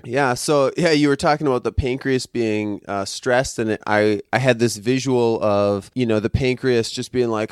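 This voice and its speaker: A man's voice: medium pitch, normal speed, hardly any pauses, clean tone, dry recording, clean studio sound. A man hosting a casual podcast chat, playful and fond of acting out quoted voices.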